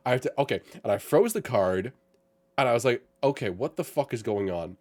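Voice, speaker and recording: Casual young male podcast host, animated, swears, acts out his own reactions, bouncy delivery. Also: medium pitch, brisk. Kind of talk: casual chat, animated storytelling.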